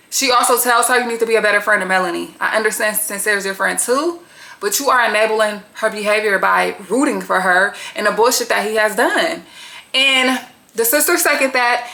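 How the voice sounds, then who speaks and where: A woman's voice: a little high, gravelly, sharp tone, reverberant. A woman giving a casual, blunt and profane recap of a reality dating show, full of slang and gossip.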